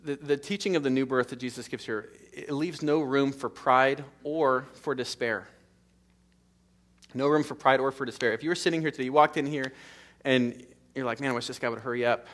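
A man's voice: mid-range voice, normal speed, a bit bright. A middle-aged man preaching a sermon in a church, with an emphatic, repetitive cadence that builds through lists of short phrases. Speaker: pastor. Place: church sanctuary.

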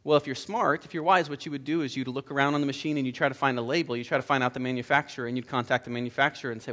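A man's voice: medium pitch, fairly even intonation, very fast, hardly any pauses, sharp tone. A male pastor giving an earnest, conversational sermon to a congregation in a church room, with prayer and a scripture reading, often repeating words as he speaks.

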